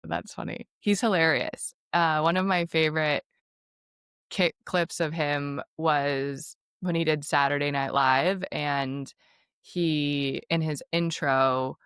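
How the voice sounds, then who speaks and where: A young adult woman co-hosting a podcast in a casual, upbeat chat, quick with asides. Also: deep voice, steady tone, a bit bright, clear, resonant tone, no room sound, clean studio sound. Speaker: podcast co-host.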